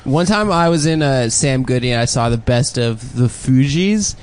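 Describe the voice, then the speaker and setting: Male podcast co-host, mid-pitched, relaxed, jokey. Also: normal speed, clean tone. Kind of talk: casual banter.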